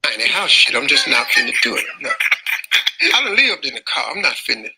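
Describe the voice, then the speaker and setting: A man's voice: mid-range voice, big pitch swings, a little fast, pushed and bright, low-quality recording. A man, a comedian, telling an exaggerated, joking story in a clip played during the stream. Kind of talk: comic storytelling.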